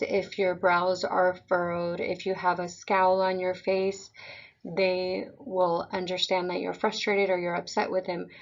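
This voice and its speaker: A woman presenting a parent webinar for a school district, explaining things in a calm, measured way. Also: mid-range voice, gravelly, lo-fi sound.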